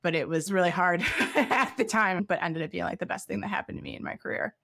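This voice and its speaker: A woman's voice: fairly low pitch, fast, gravelly, fairly bright tone, no room sound. Middle-aged woman, candid interview guest, chatty storyteller, dry booth sound. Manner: chatty, frequent "like" fillers, laughs while recounting. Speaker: guest, former head of product.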